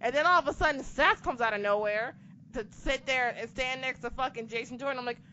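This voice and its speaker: Foul-mouthed, animated woman ranting. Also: sits high, fairly quick. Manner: animated, swears a lot, rants. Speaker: co-host discussing wrestling. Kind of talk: casual chat. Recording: dull lo-fi recording with faint noise.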